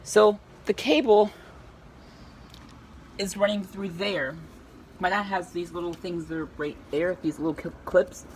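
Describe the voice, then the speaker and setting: Rambling low-pitched woman vlogging at home. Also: a little slow, long pauses, slight background noise. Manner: rambling, hesitant, with many ums and restarts. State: talking with a lozenge in the mouth. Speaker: tech vlogger. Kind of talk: casual home tour vlog. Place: in a house, walking between rooms.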